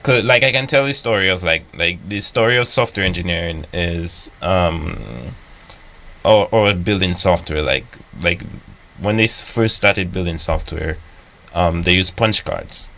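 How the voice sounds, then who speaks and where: A young man from Dominica, a software engineer guest on a radio interview, explaining things casually with lots of "like" fillers. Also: sits low, unhurried, rough recording.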